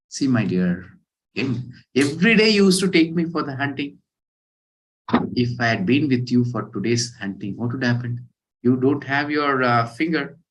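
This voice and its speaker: Animated preacher telling a story. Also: male voice, mid-range voice, poor audio. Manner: animated storyteller, acts out quoted characters. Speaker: preacher giving a scripture class. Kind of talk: storytelling sermon.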